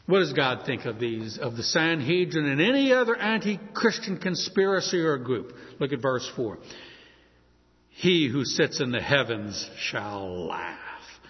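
A man's voice: mid-range voice, expressive, a little slow, husky. A man preaching a sermon, reading scripture aloud and explaining it verse by verse. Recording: echoey hall, dull lo-fi sound.

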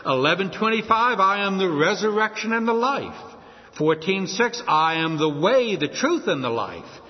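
A man's voice: high-pitched, big-room sound, muffled recording. A man preaching a sermon, emphatic, stressing quoted scripture. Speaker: pastor.

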